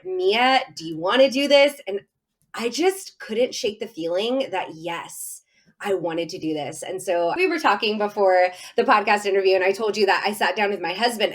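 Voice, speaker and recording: A woman guest on a podcast, telling her story in an animated, effusive way with lots of fillers. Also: medium pitch. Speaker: podcast guest, summit host. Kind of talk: casual podcast interview.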